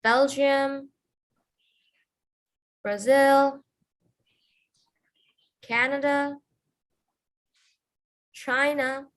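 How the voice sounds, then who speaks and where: Woman chair reading out a roll call slowly, kinda hesitant, fairly high voice, on a video call. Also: steady tone. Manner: hesitant, with many fillers. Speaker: committee chair.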